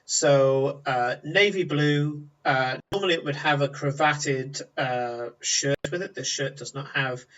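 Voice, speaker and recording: A man's voice: medium pitch, a little slow, hardly any pauses, fairly bright tone. A man narrating as game master, describing scenes at length with many ums and uhs. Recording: distant lo-fi mic.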